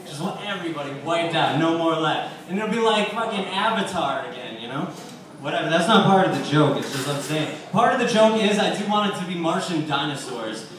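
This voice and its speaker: A man's voice: a little high, expressive, fairly quick, a bit bright, slight background noise. A man doing a stand-up set at a bar, rambling and swearing, with self-deprecating asides. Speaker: stand-up comic. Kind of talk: stand-up set at an open mic. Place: bar stage before a live audience. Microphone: handheld stage microphone, caught by a distant camera. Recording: echoey bar room from far off.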